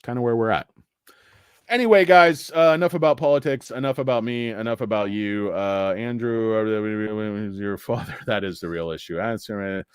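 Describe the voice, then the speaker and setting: A man's voice: fairly low pitch, normal speed, clear, resonant tone, no room sound, studio quality. A man hosting a stock market show, talking casually with blunt, profane opinions and rambling asides full of fillers. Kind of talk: casual livestream rant.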